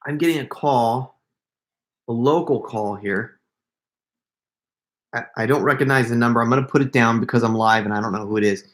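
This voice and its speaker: A middle-aged man hosting a casual live Q&A, telling stories in an excitable, rambling way full of quick asides. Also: medium pitch. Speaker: prank video creator hosting a live Q&A. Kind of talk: casual livestream chat.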